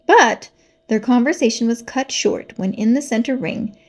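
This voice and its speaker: A woman reading a children's storybook aloud in a lively, expressive way. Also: fairly high pitch, moderate pace.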